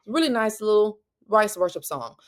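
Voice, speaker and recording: A woman, telling a personal faith story as a Christian parenting speaker, her voice jumping higher when she quotes people. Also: moderate pace. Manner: animated, rising pitch when quoting others.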